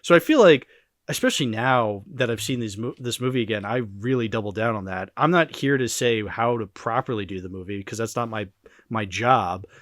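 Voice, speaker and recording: A man's voice: medium pitch, a little fast, fairly bright tone, dry recording, studio quality. A young man hosting a casual movie podcast, rambling and restarting sentences, laughing often. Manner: rambling, self-correcting, frequent laughter. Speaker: podcast host.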